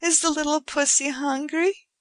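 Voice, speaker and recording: A woman's voice: high-pitched, fairly even intonation, moderate pace, dry recording, voice pushed up, close to an everyday voice. A woman voicing a delighted young woman who coos and gushes in a sing-song way. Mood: cooing. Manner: breathless, sing-song cooing. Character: gushing young woman, delighted, cooing at a cat.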